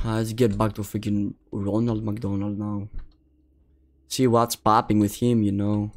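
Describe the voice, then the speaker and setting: A young man giving casual, slangy commentary while playing a game, excitable and calling everyone bro. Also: lowish voice, measured pace. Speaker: gaming streamer.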